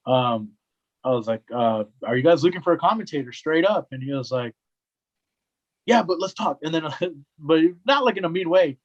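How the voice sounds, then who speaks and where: A man's voice: a little high, brisk, lo-fi sound. A young man, a wrestling commentator, telling a story in a casual podcast chat and acting out the voices of the people in it. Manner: animated, acts out quoted voices, lots of "right?" and "man".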